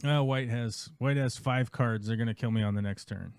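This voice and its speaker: A man's voice: medium pitch, normal speed, smooth. A male streamer giving casual, wry commentary while he plays a strategy game live.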